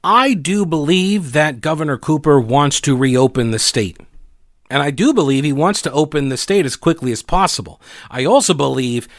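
A man's voice: a little high, lively intonation, normal speed, no room sound, clean studio sound. A man hosting a political commentary show, talking in a sarcastic, mocking way with frequent restarts. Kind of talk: opinionated commentary.

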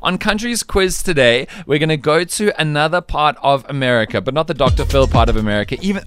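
Male radio host, 30s, playful banter, faint music bed. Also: medium pitch. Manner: teasing, quick, laughing. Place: radio studio.

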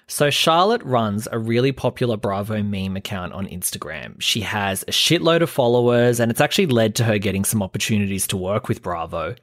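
A man's voice: lowish voice, fairly bright tone, dry recording, clean studio sound. A young Australian man hosting a gossip commentary vlog, sarcastic and throwing shade. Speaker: host.

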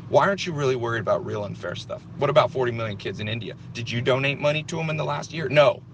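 A man's voice: medium pitch, lively intonation, fast talker, few pauses, a bit bright. A man giving his team a blunt, profane lecture, with faint car noise behind him. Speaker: business owner addressing his team. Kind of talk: blunt motivational talk.

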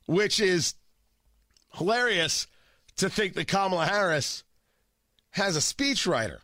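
A man hosting opinionated political talk radio, sarcastic and animated, often repeating and restarting his words, a little stuffy from a cold. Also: high-pitched, a little slow, no echo, clean studio sound. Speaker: radio talk show host.

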